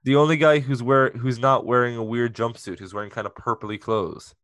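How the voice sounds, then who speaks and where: A man co-hosting a podcast, chatting casually and excitedly about a TV episode, joking a lot and saying "like" often. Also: medium pitch, brisk, no echo. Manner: excitable and jokey, with many "like" fillers. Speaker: podcast co-host. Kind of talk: casual chat reviewing a TV episode.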